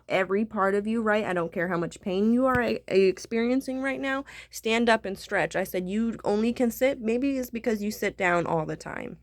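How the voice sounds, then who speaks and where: A woman's voice: mid-range voice, no echo. Cranky, profane woman venting. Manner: profane, repetitive, keeps asking "right?". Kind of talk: angry rant to camera.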